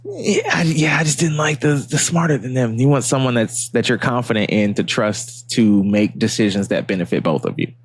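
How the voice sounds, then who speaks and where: A man's voice: medium pitch, a little fast, few pauses, slightly rough. A man co-hosting a podcast, chatting casually, joking and swearing with frequent laughs. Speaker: podcast co-host. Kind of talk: casual chat.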